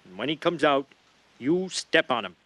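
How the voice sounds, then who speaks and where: A dim, blustering cartoon dad, easily talked into anything, his fairly high voice swooping up and down. The tone is bright and forward, and he sounds sure of himself and foolish at once. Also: big pitch swings, moderate pace, no echo. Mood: confident. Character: gullible bumbling middle-aged cartoon dad. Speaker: cartoon character.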